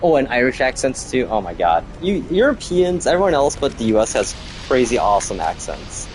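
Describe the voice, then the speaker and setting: A game streamer chats casually with viewers, rambling in a relaxed way as he plays. His voice is medium-pitched and brisk, with faint music in the background.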